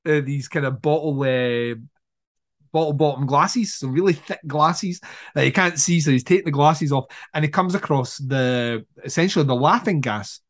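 A man talks through a film with a casual co-host's energy, his voice sitting a little high. He jumps into quick impressions of the characters, swears for emphasis and laughs as he goes. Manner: animated storyteller, acts out scenes, swears, laughs often. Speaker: podcast co-host.

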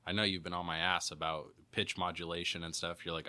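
A man's voice: low voice, flat delivery, brisk, sharp tone. A man producing and co-hosting a casual podcast, trading dry jokes with the host. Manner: dry joking banter.

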